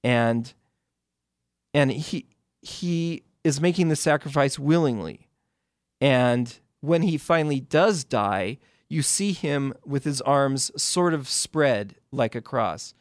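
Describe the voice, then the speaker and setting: A man's voice: medium pitch, animated, takes it slowly, no room sound. Man rambling through film analysis, dry. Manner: rambling, with many restarts and retellings of scenes. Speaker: film critic guest. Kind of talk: casual explanatory radio talk.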